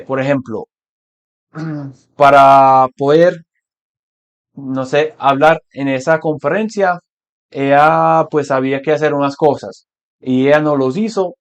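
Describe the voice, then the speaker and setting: A man teaching English verbs patiently, often switching to Spanish to explain and clearing his throat now and then. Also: a little high. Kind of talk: language lesson.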